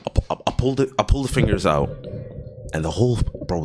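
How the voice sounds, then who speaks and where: A man's voice: on the low side, lively intonation, fast talker, darkish tone, soft background music. A young man vlogging a casual storytime, slangy and profane, laughing often and sometimes dropping to a near-whisper.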